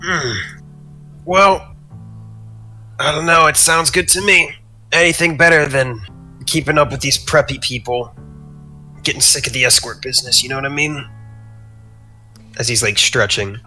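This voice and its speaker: A man playing a tabletop game, talking in a relaxed, offhand way. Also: medium pitch, normal speed, long pauses, soft background music. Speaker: player. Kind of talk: casual play chat.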